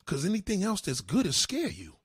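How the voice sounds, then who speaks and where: Husky dude ranting on his stream, cussing a lot, voice jumping all over the place. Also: high voice, a little fast, dry recording, clean studio sound. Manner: profane, animated, swinging delivery. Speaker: livestream host. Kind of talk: ranting comedic commentary.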